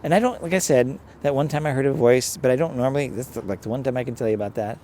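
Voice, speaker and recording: Priest, mid-pitched, conversational and rambling, reflection recorded outside with faint traffic. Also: male voice, quick pace, dark tone. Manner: conversational, rambling, direct address to listeners. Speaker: priest, pastor. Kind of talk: reflective sermon-style talk.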